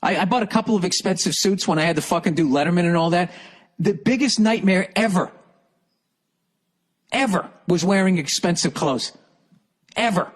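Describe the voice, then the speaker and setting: Man, middle-aged, high-pitched, angry profane rant, shouted bursts, comedy monologue. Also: normal speed, pauses often. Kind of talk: ranting comedy podcast monologue.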